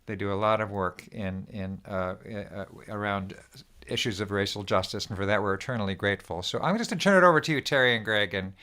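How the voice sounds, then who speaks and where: A man's voice: fairly low pitch, fast, sharp tone. A man hosting an online song gathering, greeting viewers one by one in a friendly, rambling way over a video call. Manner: friendly, rambling, with many restarts and fillers. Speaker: host. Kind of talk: welcoming online viewers by name.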